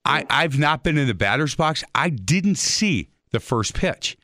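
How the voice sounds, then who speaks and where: A man hosting a radio show, chatting with a guest and telling lively stories. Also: fairly high pitch, unhurried, dry recording, studio quality. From Wisconsin, USA. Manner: chatty storyteller, animated anecdotes. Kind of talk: casual radio interview.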